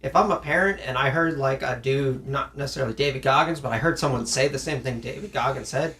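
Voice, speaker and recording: Gravelly animated Southern man. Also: mid-range voice, fast. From American South. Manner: animated, acts out stern parent voices. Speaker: podcast co-host. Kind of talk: casual chat.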